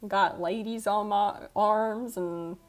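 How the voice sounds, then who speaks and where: A woman putting on a slow, mocking Southern country drawl as a swaggering man. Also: mid-range voice, steady tone, natural voice. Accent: put-on Southern US country.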